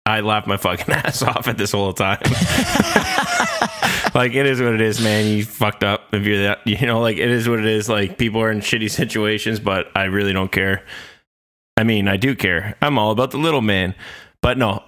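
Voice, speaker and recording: A man on a podcast in casual chat, brash and quick to laugh, with frequent swearing. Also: fairly low pitch, steady tone, fairly bright tone. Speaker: podcast co-host.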